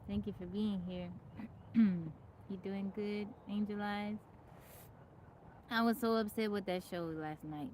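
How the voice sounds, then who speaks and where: A woman's voice: medium pitch, fairly even intonation, measured pace, long pauses, a little mellow, rough recording. Woman host, casual outdoor phone livestream, chatty, laughs often, faint background noise. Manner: chatty, greets viewers by name, laughs often. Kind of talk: casual live chat. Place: outdoors in nature.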